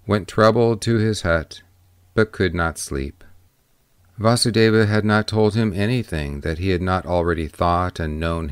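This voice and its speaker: A man narrating an audiobook in a steady, deliberate storytelling manner. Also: low voice, clean tone, no echo, clean studio sound. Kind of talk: scripted narration.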